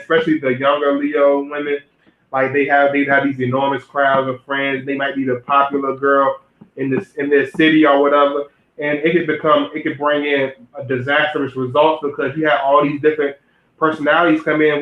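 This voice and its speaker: A young man hosting a livestream, giving rambling zodiac relationship advice and talking straight to his chat. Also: medium pitch. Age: young adult. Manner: rambling, repeats and restarts phrases, addresses chat directly. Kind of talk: casual livestream talk to viewers. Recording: roomy, phone-like lo-fi audio.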